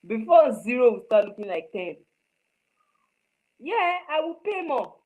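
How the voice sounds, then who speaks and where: A woman's voice: fairly high pitch, big pitch swings, a little slow, a little mellow, muffled recording. A woman teaching screenwriting in a live online class, stressing her points with repetition and often checking whether her students understand. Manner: emphatic, repeats points, asks students if they understand.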